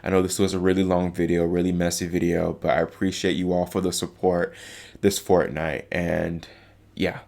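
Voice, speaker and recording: A man's voice: deep voice, level tone, moderate pace, gravelly, darkish tone. A man talking to camera as a tennis vlogger in casual spoken commentary, rambling and hesitant, heartfelt and openly affected by what he discusses. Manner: rambling, hesitant, with many restarts and fillers.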